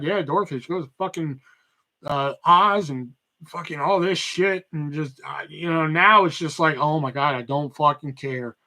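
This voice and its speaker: Podcast host, male, high bright voice, loud animated ranting with lots of swearing. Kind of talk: casual profane rant.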